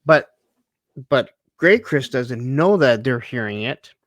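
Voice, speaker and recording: A man co-hosting a casual TV recap chat, thinking aloud with fillers and quick asides. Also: mid-range voice, expressive, a bit bright, no room sound, studio quality. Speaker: podcast co-host.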